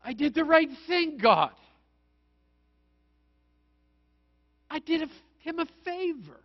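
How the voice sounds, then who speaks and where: A frustrated man complains to God in a whiny, indignant tone, as a preacher acts him out. His voice is high and keeps arguing his case. The recording sounds dull and lo-fi. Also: sing-song, normal speed, full character voice.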